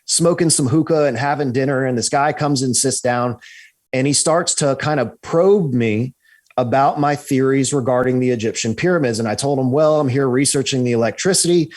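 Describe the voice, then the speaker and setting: A man, a guest on a podcast, telling a story in a lively way, often checking in with "right?" and restarting his sentences. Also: medium pitch, normal speed. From United States. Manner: animated, repeats "right?" and restarts. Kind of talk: storytelling in an interview.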